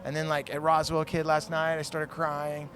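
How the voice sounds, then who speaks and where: A man's voice: a little high, monotone, moderate pace, fairly bright tone, a little hiss or hum. A man in his late forties from California, a label founder talking in a casual interview, earnest, rambling and self-mocking. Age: 40s.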